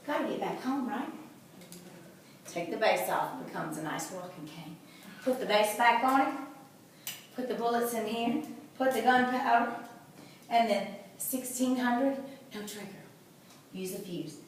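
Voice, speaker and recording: A woman's voice: fairly high pitch, measured pace, long pauses, a little hiss or hum. Woman giving a chatty house tour. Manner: chatty, folksy storytelling with jokes. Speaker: tour guide. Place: indoors in a large historic house. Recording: echoey room from far off.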